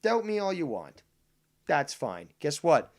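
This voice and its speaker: A man hosting a livestream and delivering an indignant, profane rant. He swears heavily, repeats lines for emphasis, and slows right down to hammer home key points. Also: on the high side, wildly swooping pitch. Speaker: livestream host reading viewer comments. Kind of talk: profane ranting monologue.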